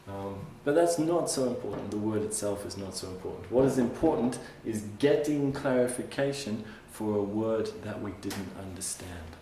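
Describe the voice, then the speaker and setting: A male English teacher giving a classroom lesson, patiently repeating phrases slowly for his learners. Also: fairly low pitch, animated, warm tone, slight background noise. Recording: roomy classroom sound from a distant mic.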